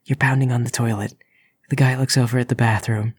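A man narrating as game master in a tabletop game, telling the story steadily with soft asides. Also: mid-range voice, fairly even intonation, brisk, slightly rough, no echo.

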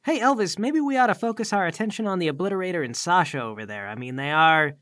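Tabletop player, deadpan and wry, bright tone. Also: mid-range voice, fast, dry recording, clean studio sound. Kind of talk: in-character tabletop play.

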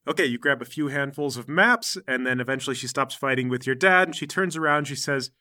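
A man narrating a tabletop role-playing game as game master, switching into quick voices for the characters. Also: medium pitch, pushed and bright.

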